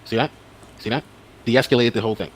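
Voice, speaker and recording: A man's voice: medium pitch, fast. A man talking in argumentative video commentary who presses the same questions again and again. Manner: presses his questions repeatedly.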